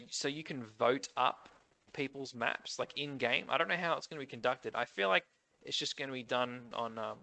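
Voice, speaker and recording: Australian man, nasal, bright forceful tone, casual gaming commentator. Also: mid-range voice. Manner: chatty, rambling, thinks aloud. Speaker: gaming YouTuber. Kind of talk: casual commentary on update notes.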